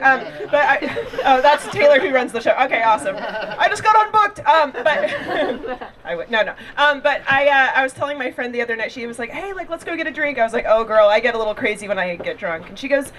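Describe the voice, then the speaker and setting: A man's voice: extremely high pitch, quick pace. A man doing a stand-up set in an outdoor backyard, campy and flamboyant, teasing the crowd. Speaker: stand-up comedian. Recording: loud audience laughter. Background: crowd laughing.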